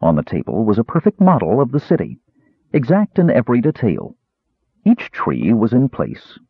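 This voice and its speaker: A man narrating a fantasy audiobook in a measured, expressive storytelling manner. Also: medium pitch, breathy edge, no echo. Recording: dry, tinny phone-like sound.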